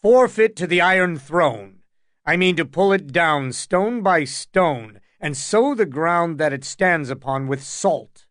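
Cold, scornful older lord, read by a male audiobook narrator; unhurried, a touch high. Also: lively intonation, fairly bright tone, no echo, studio quality. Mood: contemptuous. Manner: icy and contemptuous. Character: cold, commanding older lord and royal hand.

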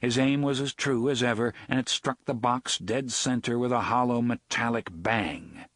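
A man narrating a novel as an audiobook in an expressive storytelling read. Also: medium pitch, moderate pace, no room sound, clean studio sound. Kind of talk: scripted narration.

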